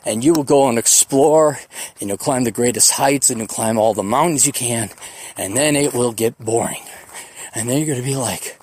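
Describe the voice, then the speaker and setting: Rambling profane man musing aloud. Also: on the high side. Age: 40s. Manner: rambling, profane, reflective, mocks others in quick put-on voices. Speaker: podcast host. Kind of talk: solo podcast monologue.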